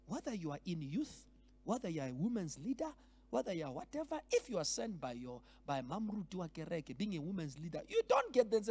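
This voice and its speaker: Male pastor, high and expressive, animated workshop teaching. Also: fast talker, breathy edge. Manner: animated, switches between languages, acts out scenes. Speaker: pastor leading a leadership workshop. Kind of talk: lively church teaching. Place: church hall.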